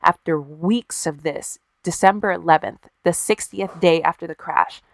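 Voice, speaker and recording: A woman's voice: fairly low pitch, a little slow, gravelly, no echo. Wry, profane woman telling a story. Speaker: podcast co-host. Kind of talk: casual storytelling chat.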